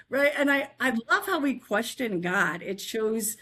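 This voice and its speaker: A middle-aged woman telling a faith-filled personal story as a guest, animated and chatty, often checking in with "right?". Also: a little high, measured pace, few pauses.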